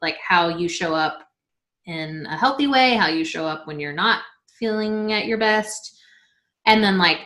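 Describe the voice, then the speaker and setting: A woman's voice: low voice, fairly bright tone. A woman in her thirties chatting casually about herself on a vlog. She is giggly and trails off with lots of filler words. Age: 30s. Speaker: vlog host being interviewed. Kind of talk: casual chat. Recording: roomy echo.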